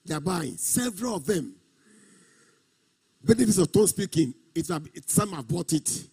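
A man preaching a sermon in a high, husky voice. He stretches and half-sings key words and repeats phrases to drive them home. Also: lively intonation, mellow. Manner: preaching with sung, drawn-out emphasis and repetition. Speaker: pastor.

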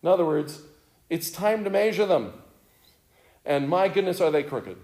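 A man's voice: high voice, lively intonation, normal speed, a little mellow. Man teaching scripture in an echoey room. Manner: conversational, asks the listeners rhetorical questions. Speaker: Bible teacher. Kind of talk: explaining scripture verse by verse. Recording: roomy echo.

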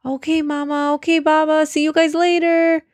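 A woman reading aloud, voicing a lively, outspoken young girl in a high childlike voice. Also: moderate pace, no echo, natural voice. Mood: eager.

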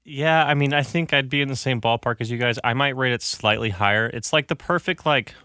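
A man on a casual podcast panel giving a relaxed rating, talking with many fillers. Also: medium pitch, a little fast, smooth, no echo, clean studio sound. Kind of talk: casual chat.

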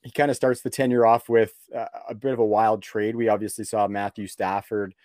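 A man's voice: on the low side, flat delivery, brisk, a little mellow, no echo, clean studio sound. A man from Canada hosting a sports podcast, talking in a laid-back way with lots of fillers and easy laughs. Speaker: podcast host. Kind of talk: casual sports podcast chat.

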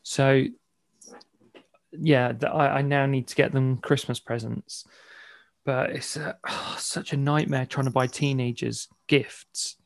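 Middle-aged host, gravelly and croaky, voice going, chatty. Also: male voice, mid-range voice, fairly even intonation, slow pace. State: losing his voice, croaky. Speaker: podcast host. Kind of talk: casual chat.

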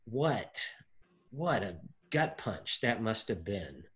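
Animated man in casual Bible chat. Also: on the low side, slow pace. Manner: animated, acts out quotes, many fillers. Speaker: Bible discussion co-host.

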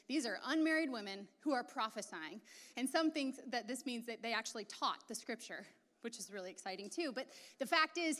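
A woman's voice: fairly high pitch, a bit bright. A woman preaching a sermon in a casual, chatty way, full of asides. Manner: casual and chatty, many asides and filler words. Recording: long reverb of a large hall.

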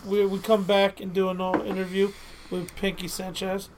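A woman's voice: medium pitch, completely flat delivery, normal speed, background noise. Rambling Delco-accented woman podcaster. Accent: Delco (Delaware County, Pennsylvania). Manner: rambling, self-interrupting, apologetic. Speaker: podcast co-host. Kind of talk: casual podcast chat.

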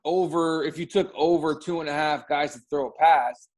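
A man co-hosting a casual sports chat, talking in a conversational way with quick, wry asides. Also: on the high side, fairly even intonation, a little mellow. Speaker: podcast co-host.

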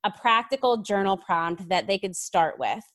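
A woman's voice: medium pitch, expressive, moderate pace, a bit bright, dry recording. Enthusiastic woman hosting a podcast. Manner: enthusiastic, chatty with "like" fillers. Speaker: podcast host. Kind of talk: conversational podcast interview.

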